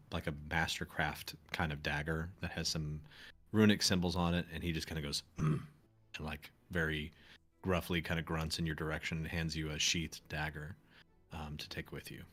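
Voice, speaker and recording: A man narrating as game master of a tabletop game, relaxed and hesitant, with many fillers. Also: rumbling low, fairly quick.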